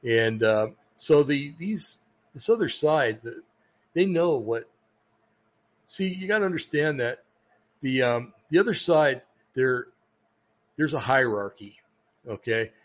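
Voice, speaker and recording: An American man hosting a podcast, talking casually about religion in a rambling way, with many pauses and restarts. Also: mid-range voice, lively intonation, muffled recording. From United States. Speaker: podcast host. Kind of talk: casual religious talk monologue.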